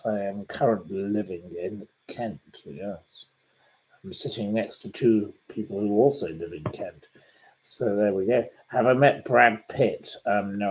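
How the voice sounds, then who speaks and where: A man from Derbyshire, England, hosts a casual livestream, reading viewer comments and answering questions in a rambling way laced with dry put-downs. His voice is on the low side and mellow.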